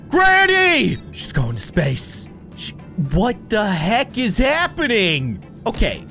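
A man giving jokey let's-play commentary, swinging between shrieks and deadpan asides. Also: fairly low pitch. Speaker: gaming YouTuber.

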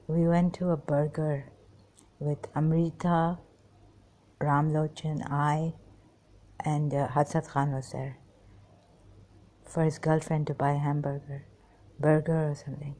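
A woman recounting memories in a halting personal monologue, pausing often, apologizing and trailing off. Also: low-pitched, mellow. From Pakistan. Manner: hesitant, many pauses and apologies, trails off.

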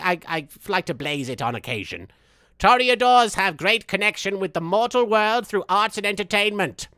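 A man's voice: high voice, pushed and bright, dry recording, clean studio sound, exaggerated voice. A man voicing a vain, unhinged young male villain, streaming a game in character with boastful, theatrical talk. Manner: boastful, theatrical, wildly swinging delivery, laughs at himself. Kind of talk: in-character gameplay commentary.

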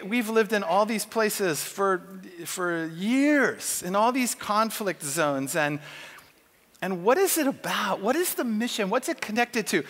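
A man with a fairly high voice tells a Bible story in a loose, conversational sermon. He jumps into characters' voices as he goes, animated and storytelling. The sound rings with the long reverb of a church hall. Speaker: conference speaker. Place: church auditorium.

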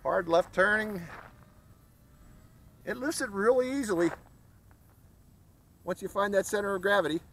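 A man's voice: high-pitched, measured pace, pauses often, a bit bright, slight background noise, poor audio. A man hosting a hobby video, chatting casually to viewers about a model plane flight outdoors, calling them folks. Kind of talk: casual flight-test commentary. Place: outdoors at a flying field.

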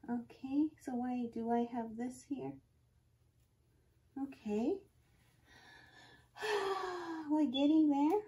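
A high-voiced young woman talks unhurriedly into a phone camera as she fits a wig. She exclaims often and narrates each step of her wig install to viewers in casual self-talk, veering between excitement and nerves. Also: drawn-out words, long pauses. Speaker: wig review vlogger.

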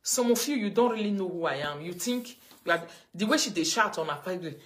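A Nigerian woman ranting on a livestream, mocking and scolding, her voice swinging between loud outbursts and low mutters. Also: animated, fast. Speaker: livestream host. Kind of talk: casual livestream rant.

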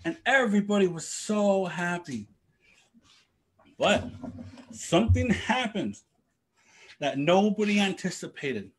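A male storyteller with a high, lively voice that swoops widely as he tells a traditional tale. He takes his time and acts out the story with spoken sound effects. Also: slow pace, long pauses. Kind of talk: oral storytelling for young people.

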